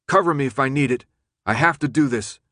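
A stubborn teenage boy, desperate and urgent, his voice pushed high and loud, as a male audiobook narrator plays him. The recording is dry and close. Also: fairly quick, no room sound, close to an everyday voice. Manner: urgent, shouting.

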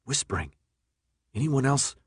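A man's voice: medium pitch, very animated, measured pace, husky, no room sound, studio quality, voice pushed up, heavily acted. A man voicing a sensible, street-smart older man who drops Spanish words, in an audiobook. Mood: wary.

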